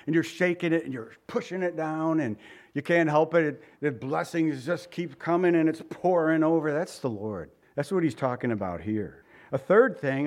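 A pastor with a slightly high voice preaches a sermon conversationally. He poses rhetorical questions to the congregation and occasionally stumbles over his words.

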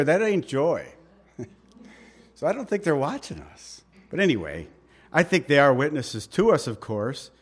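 A middle-aged man preaching a sermon in a conversational way, slowing down to read verses aloud and dropping quiet to stress a point. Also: on the high side. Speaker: pastor.

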